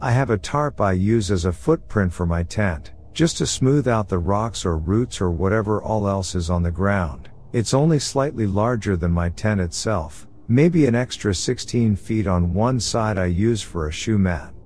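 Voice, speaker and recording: Low-voiced man reading horror stories. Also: normal speed, few pauses, darkish tone, slight background noise. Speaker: podcast narrator.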